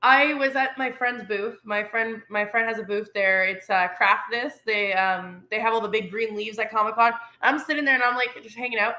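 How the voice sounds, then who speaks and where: A woman from Canada chatting casually, telling stories excitedly and acting out the people she quotes. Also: on the high side, normal speed, few pauses. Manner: excitable storyteller, acts out quoted voices. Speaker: podcast co-host. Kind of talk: casual chat.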